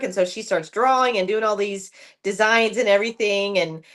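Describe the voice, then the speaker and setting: Animated woman retelling scenes. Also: medium pitch, a little fast. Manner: animated retelling, acts out characters' lines, many ums and likes. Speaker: podcast co-host. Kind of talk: casual recap chat.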